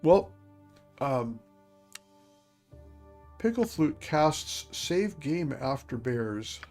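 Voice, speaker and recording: A man's voice: fairly high pitch, big pitch swings, drawn-out words, a little mellow, soft background music. A man in his fifties streaming a game and chatting casually, rambling to himself as he plays. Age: 50s. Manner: rambling, talks to himself, chuckles. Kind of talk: casual gameplay commentary.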